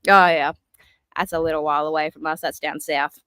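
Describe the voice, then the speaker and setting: A woman's voice: low-pitched, fairly even intonation, a little fast, fairly bright tone, smooth, no echo, poor audio. A young Australian woman with an Australian accent, chatting casually on a live stream and laughing often over a remote call. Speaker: aquarium maintenance guest.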